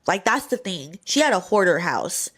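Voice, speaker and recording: A young woman telling a personal story in a casual, animated way, acting out the voices of the people in it. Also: fairly low pitch, normal speed, husky. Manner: animated, acts out voices in quotes.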